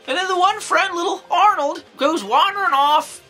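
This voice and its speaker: A woman doing a high, bright-voiced old nun. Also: normal speed, faint music behind. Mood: rambling, amused. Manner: rambling, folksy exclamations, jumps into acted quotes. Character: eccentric old nun, folksy and excitable. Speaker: horror movie reviewer. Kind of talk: in-character comedic movie review.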